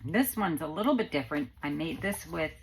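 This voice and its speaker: A woman's voice: low-pitched, lively intonation, brisk, background noise. A middle-aged woman, chatting casually and rambling with many ums as she hosts her craft channel. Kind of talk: casual chat to viewers.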